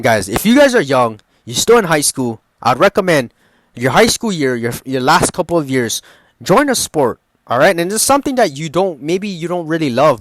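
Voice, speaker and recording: A young man giving casual, profane motivational advice, rambling with lots of fillers and swinging between loud emphasis and quiet asides. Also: a little high, noisy background. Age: young adult. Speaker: motivational vlogger.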